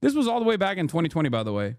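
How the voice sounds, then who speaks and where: A man's voice: fairly high pitch, wildly swooping pitch, no room sound, clean studio sound. A man streaming and reacting to clips in casual, profane, sarcastic commentary. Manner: profane, sarcastic, quick asides.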